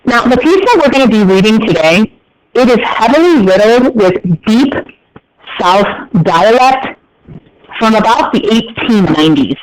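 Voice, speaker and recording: A man's voice: high-pitched, lively intonation, measured pace, a little hiss or hum, rough recording. A man with an American accent teaching a class, explaining terms in a chatty way with joking asides to his students. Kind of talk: classroom lecture.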